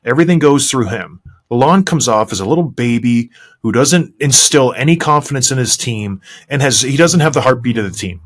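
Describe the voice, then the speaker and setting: Animated male hockey podcast host. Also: mid-range voice. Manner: emphatic, mocking impressions of coaches. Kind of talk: opinionated sports talk.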